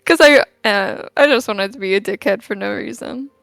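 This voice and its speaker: A woman's voice: medium pitch, moderate pace, creaky, fairly bright tone, dry recording, faint music behind. Woman player, unsure, keeps trailing off, dry close audio. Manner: hesitant, self-conscious, laughing. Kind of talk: casual tabletop play.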